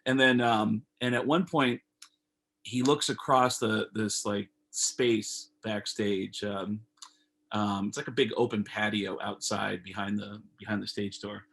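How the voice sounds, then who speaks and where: A comedian guest on a video call tells a long anecdote casually and profanely, animatedly jumping into others' lines in raised voices. His voice is fairly low, a little slow, creaky and husky, in a low-quality recording.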